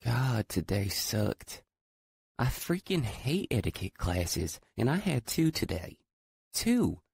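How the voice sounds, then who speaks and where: A man's voice: medium pitch, sing-song, slow pace, creaky, a little mellow, breathy edge, no room sound, pitched above the performer's own voice, heavily acted. A man voicing a chatty Southern teenage girl with a Southern accent, reading an audiobook.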